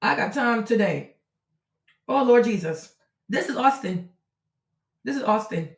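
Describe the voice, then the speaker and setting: Woman, live-stream host, blunt, profane, high voice, echoey room. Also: animated, a little slow, gravelly. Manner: blunt, profane, lecturing a chat viewer. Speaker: livestream host.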